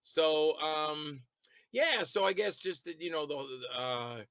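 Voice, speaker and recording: Bright-voiced man telling rambling anecdotes. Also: fairly high pitch, expressive, no room sound, lo-fi sound. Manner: quick laughs and voiced quotes of others. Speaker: interview guest, independent filmmaker and actor. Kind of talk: casual interview chat.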